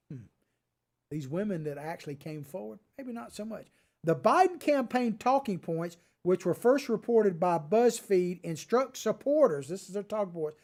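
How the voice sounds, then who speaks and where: A man hosting his own political commentary show, combative and sarcastic, swinging between loud outbursts and quiet asides. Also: high voice, very animated, normal speed. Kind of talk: opinion commentary monologue.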